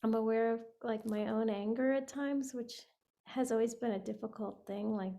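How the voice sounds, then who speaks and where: A woman sharing a personal story in a group video call, animated and often laughing. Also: on the high side, moderate pace, vocal fry. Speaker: participant.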